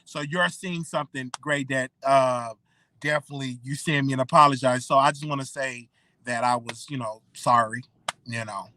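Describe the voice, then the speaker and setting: A blogger in their thirties, hosting a solo commentary show. The voice is bright and forceful, and the speaker talks emphatically, tossing "okay?" at the audience. It is recorded close and dry, with no room sound. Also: medium pitch, steady tone, moderate pace, dry recording. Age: 30s. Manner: emphatic, repeats "okay?" and "you know what I'm saying".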